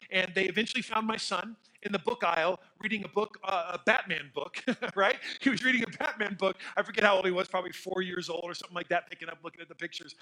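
A middle-aged man preaching a sermon as pastor, telling stories in an animated way with fillers and dropping to quiet emphasis. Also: on the high side, low-quality recording.

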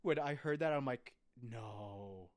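A man's voice: medium pitch, brisk. A man co-hosting a casual movie review podcast, incredulous and swearing, often laughing along. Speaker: podcast co-host.

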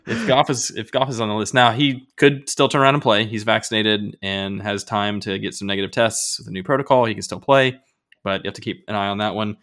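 A man's voice: lowish voice, fairly even intonation, a little fast, a bit bright. A man co-hosting a podcast, chatting casually in a laid-back way and laughing often. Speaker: podcast co-host. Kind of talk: casual chat.

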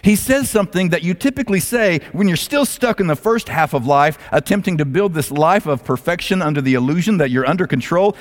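Male pastor, sermon delivery, very lively pitch, slightly higher voice, long hall reverb. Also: a little fast, hardly any pauses. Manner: dramatic storyteller, swings between loud and hushed.

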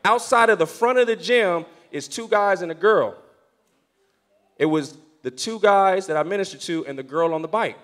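Pastor guy with a pretty high voice, telling a story in a sermon, really animated, does all the voices. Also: moderate pace. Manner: animated storyteller who acts out the voices of people in his story.

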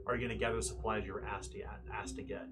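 A man's voice: on the low side, little pitch movement, rapid-fire, background noise. A man narrating a tabletop game as game master, describing scenes vividly.

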